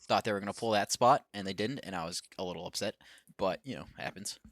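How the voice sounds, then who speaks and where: Male podcast host, lowish voice, rambly casual delivery, dry close mic. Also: fast talker, fairly bright tone, dry recording. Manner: rambling, loose, swears freely, acts out quotes. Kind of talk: casual chat recapping wrestling.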